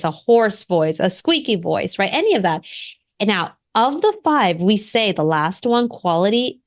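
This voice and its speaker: A woman in her thirties, a communication coach and author, speaking as a podcast guest in an animated, emphatic way. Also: mid-range voice. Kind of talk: podcast interview.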